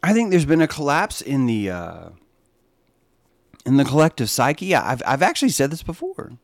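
A man hosting a live stream, talking in a rambling, sarcastic monologue that swings from low mutters to loud exclamations. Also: huge pitch swings, moderate pace, gravelly, no room sound, studio quality.

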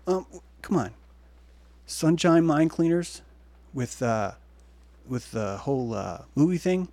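A male livestream host rambles through a loose monologue. He shifts from loud, excited bursts to hushed, half-whispered asides. His mid-pitched voice sits close and dry, with no room sound around it. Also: normal speed, no echo.

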